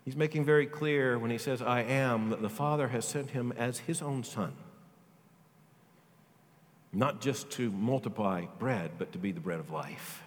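A male pastor preaching a sermon, swinging from loud, emphatic high lines to quiet, low ones. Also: measured pace. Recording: long reverb of a large hall.

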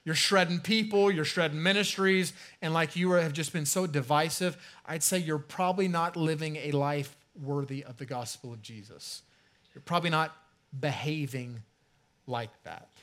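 Guy pastor giving a sermon, kinda high voice, chatty, drags out the big words then goes quiet. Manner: conversational preaching, slows down to stress key phrases, trails off softly.

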